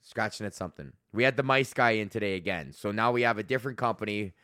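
Bright, slightly high-voiced man, solo host, rambling and profane, dry close mic. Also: fast talker, no echo. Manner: profane, rambling storytelling with lots of fillers. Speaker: podcast host and comedian.

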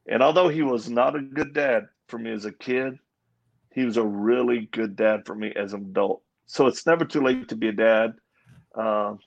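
A man's voice: mid-range voice, vocal fry, dull audio. A man giving his personal testimony as an interview guest, earnest and acting out the voices in his story. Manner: earnest storyteller, acts out quoted dialogue. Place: live event at a Christian coffee house.

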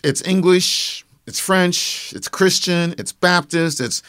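A man with a Nova Scotian accent, a poet speaking in a radio studio interview who savors words and recites his verse slowly and dramatically. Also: high voice, a bit bright, dry recording. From Nova Scotia, Canada. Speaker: poet and guest. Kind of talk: interview answers and recited poetry. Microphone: studio microphone.

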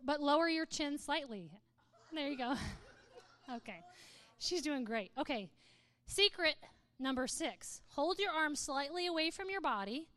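A woman's voice: high voice, lively intonation, unhurried, fairly bright tone. A woman speaking to a live audience in a playful, humorous way, often laughing and reading aloud with mock drama.

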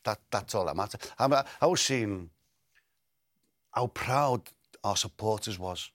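Speaking a little slowly in a lowish voice, an older man who used to play football shares stories as an interview guest in a relaxed, storytelling conversation. He frequently repeats and restarts words. The sound is clean studio audio without echo.

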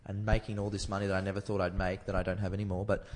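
A man's voice: sits low, flat delivery, rapid-fire, darkish tone, long reverb tail. An Australian man, a comedian, telling a personal story in a candid, rambling way and swearing freely. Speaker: comedian guest. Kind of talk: candid storytelling in casual chat.

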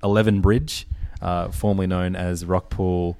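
Profane podcast host, low voice. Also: male voice, little pitch movement, darkish tone, dry recording. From Australia. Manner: rambling, profane, quick to laugh. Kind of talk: casual podcast chat.

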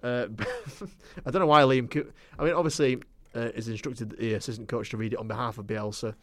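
A wry man co-hosts a football chat in a calm, middle-pitched voice. He undercuts excitement with dry humour. The recording is dry and close. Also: brisk, dry recording. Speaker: podcast co-host.

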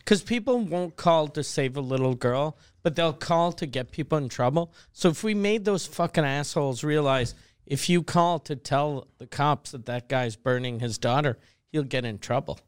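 A man co-hosting a podcast, tossing in quick questions and jokes in casual chat. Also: on the high side, smooth, dry recording, studio quality. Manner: joking, quick questions and one-liners. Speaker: podcast co-host.

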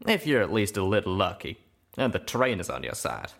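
A man voicing a boastful male pegasus pony gunslinger who talks in a folksy drawl, animated and emphatic. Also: fairly low pitch, a little fast, vocal fry, full character voice. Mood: defensive.

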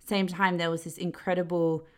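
Low-voiced woman interviewer. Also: level tone, normal speed, clean tone. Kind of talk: casual interview.

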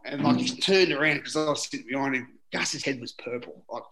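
Bright-voiced Australian man, roomy sound. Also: on the high side, quick pace, creaky, hardly any pauses. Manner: rambling, anecdotal, full of "you know" and swearing. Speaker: former rugby league player, guest. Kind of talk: casual interview storytelling. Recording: roomy echoing room.

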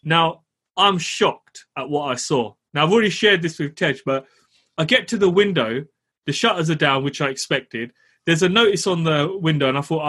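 A man co-hosting a property podcast, with a husky, slightly raised voice. He tells the story in a chatty, slangy way and leans on "you know" as he goes. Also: fairly high pitch, normal speed, pushed and bright. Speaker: property podcast co-host and landlord. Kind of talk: casual storytelling.

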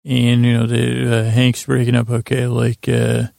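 A man rambling through a bedtime recap of a TV episode, halting often with uh and restarts and making dry asides. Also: medium pitch, completely flat delivery, creaky, dark tone, dry recording. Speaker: podcast host retelling a TV episode as a bedtime story.

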